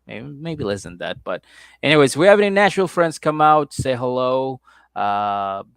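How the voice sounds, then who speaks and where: A man's voice: mid-range voice, big pitch swings, moderate pace, clean tone, dry recording. A man in his thirties co-hosting a podcast in casual chat, laughing often and swearing casually. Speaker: podcast co-host.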